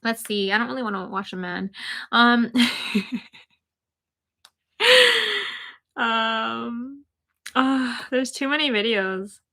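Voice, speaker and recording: A woman's voice: a little high, big pitch swings, very slow, long pauses, sharp tone. A young woman with a Toronto accent, chatting casually on a live stream, reading out her chat and rambling with lots of fillers and little giggles.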